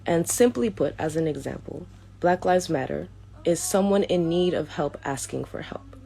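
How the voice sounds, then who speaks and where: A woman's voice: deep voice, animated, normal speed, creaky, mellow. A young woman reading out a prepared statement to her followers, earnest and a little hesitant, often stopping to restart her sentences. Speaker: vlogger.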